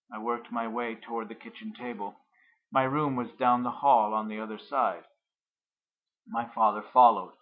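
A man narrating a first-person story in a measured, reflective way. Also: mid-range voice, fairly even intonation, narrow, tinny audio.

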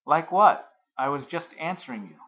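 A man's voice: fairly high pitch, expressive, phone-quality sound, pitched above the performer's own voice. Man voicing a defiant teenage son. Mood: defensive. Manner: defensive, quick retorts.

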